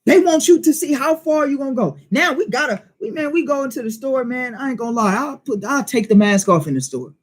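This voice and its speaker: A man's voice: very high voice, lively intonation, a little fast, hardly any pauses. A man teaching a Bible study in informal preaching style, emphatic and full of rhetorical questions and street slang.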